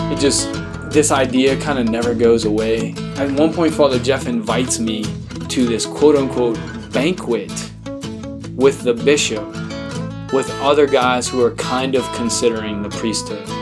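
A priest tells a personal story in relaxed, everyday speech. His voice sits at a middle pitch for a man, and he talks in an animated way, full of fillers and quick laughs. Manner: casual, animated, laughs often, heavy use of "like". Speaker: Catholic priest.

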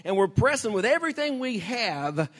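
An older man preaches a folksy, conversational sermon, laughing often. His voice sits high and swoops widely through each phrase. The sound carries the long reverb of a hall. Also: very animated, moderate pace, a bit bright. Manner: folksy, laughs often, acts out quoted prayers.

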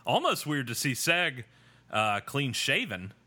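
A man hosting a podcast and walking through an episode recap in a loose, rambling way. He pokes fun at himself as he goes. His voice has a bright, forward edge. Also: medium pitch, very animated, measured pace. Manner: rambling, self-deprecating, with many fillers and restarts. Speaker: podcast host. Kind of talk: casual episode recap chat.

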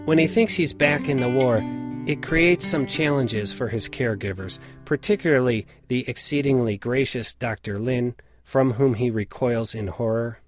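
A man in his late forties reading a reflective personal story in a measured, scripted narration. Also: mid-range voice, faint music behind. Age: late 40s.

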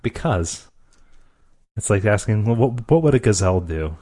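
A man co-hosting a comedy podcast with his brother, trading deadpan jokes and breaking into laughter. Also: fairly low pitch, moderate pace, slightly rough, no room sound, clean studio sound. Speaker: podcast co-host. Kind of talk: casual comedic banter between brothers.

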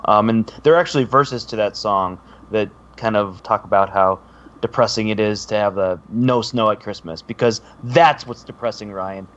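A man's voice: lowish voice, moderate pace, fairly bright tone, dull audio. A man co-hosting a podcast, chatting casually and teasing the others with wisecracks. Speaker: podcast co-host. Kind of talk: casual chat.

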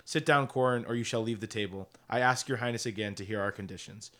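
A man's voice: lowish voice, fast, a bit bright, close to an everyday voice. A man reading aloud the lines of a patient, dignified older king, formal and firm.

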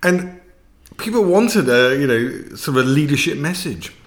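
A man, a podcast guest, telling anecdotes in animated fashion and laughing mid-sentence. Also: on the high side, moderate pace. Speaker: podcast guest, political campaigner. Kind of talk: casual interview anecdotes.

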